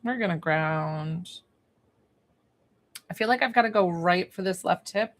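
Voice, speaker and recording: A woman giving a psychic reading and healing on a live stream, talking in a soft, emotional, rambling and reassuring way. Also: lowish voice, unhurried. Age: young adult or middle-aged, a mother. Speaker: psychic medium and energy healer, live stream host.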